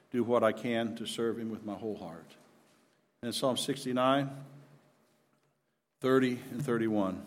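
A man preaching a sermon, rising to loud emphatic declarations and then dropping back low.

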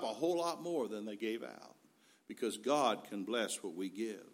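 A man's voice: on the low side, lively intonation, moderate pace, a bit bright. A man preaching a sermon in an earnest, folksy way, weaving in scripture.

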